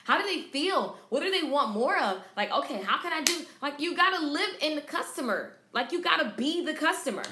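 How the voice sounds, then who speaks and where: A Southern American woman who runs a salon, teaching a live-streamed marketing class in an energetic, emphatic way, repeating her points. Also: high-pitched, brisk, few pauses, background noise. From Southern United States. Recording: echoey room.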